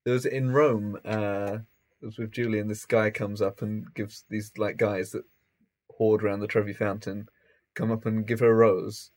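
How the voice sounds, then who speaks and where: A man's voice: fairly low pitch, little pitch movement, moderate pace, darkish tone, no room sound. A man in casual chat, joking around and laughing often.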